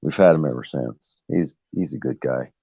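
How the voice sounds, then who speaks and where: On a livestream panel, a middle-aged man with a gravelly bass voice chats casually at a moderate pace, rambling through family stories and acting out what people said. The audio is dull, dry, and lo-fi, with no echo.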